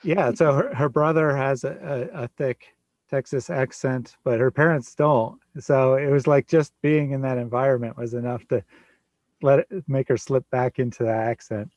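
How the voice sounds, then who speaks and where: A man's voice: medium pitch, steady tone, normal speed, darkish tone, no echo. A man in his forties hosting a casual community livestream, chatting easily with guests over a video call. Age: 40s. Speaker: livestream host.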